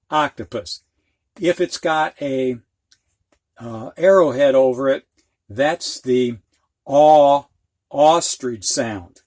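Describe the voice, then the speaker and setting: Midwestern guy teaching reading, slow and careful, dry close sound, says sounds out loud to show them. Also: mid-range voice, no echo. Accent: American Midwest. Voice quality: frank, plainspoken, exaggerates sounds to demonstrate. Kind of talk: slow, explanatory lesson.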